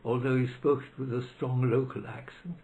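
An older man, not a native English speaker, tells his stories slowly with many pauses and "uh"s, his pitch sitting in an ordinary middle range. A faint hiss runs under the recording. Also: fairly even intonation, warm tone, muffled recording. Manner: hesitant, anecdotal, acts out quotes in raised voice. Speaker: interviewee, retired law professor. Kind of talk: oral history interview.

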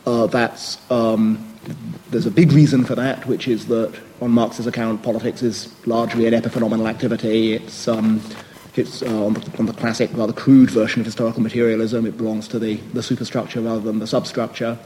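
A man's voice: mid-range voice, flat delivery, brisk, mellow, in a large hall, a little hiss or hum, poor audio. A man answering a question on a panel in an academic discussion, hesitant and thoughtful, with many fillers and restarts.

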